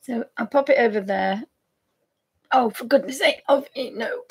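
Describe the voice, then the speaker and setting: A woman's voice: a little high, normal speed, slightly rough. A woman hosting a live painting tutorial stream, chatty and easily amused, with apologetic asides to her viewers. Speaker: art demonstrator.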